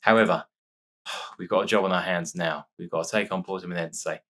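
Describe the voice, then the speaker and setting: A man casually commentating his own football management game, chatty and excitable, with a sore nose after a sneezing fit. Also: sits low, a little fast. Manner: chatty, excitable reacting to match play. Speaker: gaming YouTuber. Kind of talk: casual let's-play commentary.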